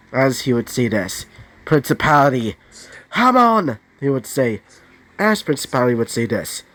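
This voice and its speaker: In a mid-range voice, a young man casually narrates a fan-fiction story he's improvising. He rambles with lots of fillers and asides, clearing his throat now and then.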